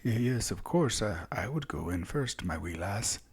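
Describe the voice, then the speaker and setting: A man voicing a kindly, slightly nervous man from afar who talks softly in a folksy, stammering way. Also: fairly low pitch, expressive, normal speed, breathy edge. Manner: soft, warm, stammering, folksy speech.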